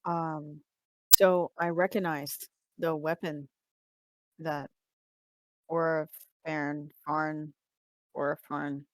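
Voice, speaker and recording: Low-voiced woman player, dry mic. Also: little pitch movement, extremely slow, pauses often.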